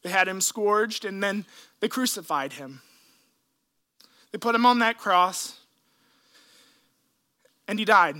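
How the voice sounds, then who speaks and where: A man preaching a sermon, retelling scripture in an earnest, emotional way with dramatic pauses. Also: high-pitched, bright, forceful tone. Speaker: pastor.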